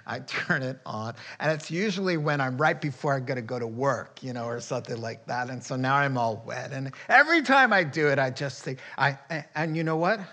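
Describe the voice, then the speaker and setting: A pastor preaching a conversational sermon, chuckling often and breaking into loud emphatic bursts. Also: male voice, medium pitch.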